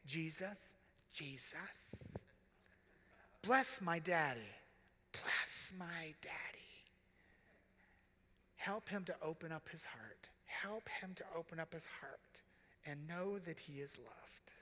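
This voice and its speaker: A man voicing a little girl who gently prays for her father, in a whispered role-play in a reverberant hall. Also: sits high, slow pace, long pauses, slight background noise, voice pushed up, exaggerated voice. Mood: tender. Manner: soft, hushed and gentle.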